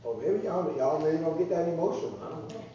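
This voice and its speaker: A man's voice: a little high, animated, fast, dark tone, far from the mic, a little hiss or hum. A man preaching a conversational sermon, repeating phrases and drawing responses from the congregation. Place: church sanctuary. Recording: echoey muffled church sound from afar.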